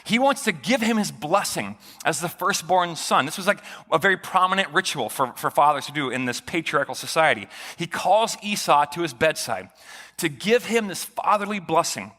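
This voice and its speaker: A male pastor giving a sermon in a church, animated and joking, with a conversational, chatty delivery. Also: on the high side, normal speed. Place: church sanctuary. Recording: long church reverb.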